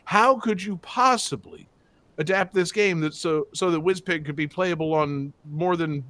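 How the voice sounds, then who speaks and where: A man's voice: on the high side, a little slow, pushed and bright. A man hosting a game show podcast, chatting casually with lots of fillers, jokey asides and swearing.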